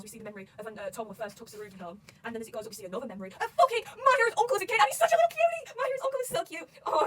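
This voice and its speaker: Fast-talking, loud woman fan. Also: on the high side, recorded from a distance, slight background noise. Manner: loud, excitable, swears constantly. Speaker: manga reaction vlogger. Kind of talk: excited casual fan commentary.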